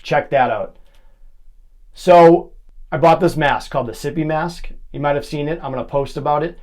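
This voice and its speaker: A man's voice: on the high side, normal speed, darkish tone. A young man hosting a podcast on his own, telling casual stories in a rambling way with plenty of "like" and fillers. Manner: rambling, filler-heavy, lots of "like". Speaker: podcast host. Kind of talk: casual solo storytelling.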